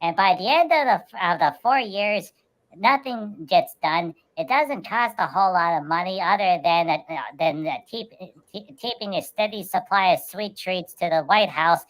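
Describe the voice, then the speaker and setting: A woman's voice: on the low side, animated, normal speed. A woman co-hosting a casual talk show, telling absurd comic stories in a rambling way, with many restarts.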